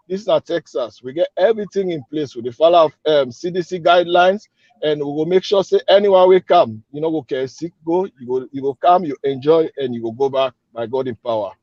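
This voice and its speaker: High-voiced Krio-accented man, persuasive. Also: a little mellow, dry recording, highs cut off. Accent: Sierra Leonean Krio. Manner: upbeat, persuasive, repeats his calls to act. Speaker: event organizer. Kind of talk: radio interview guest.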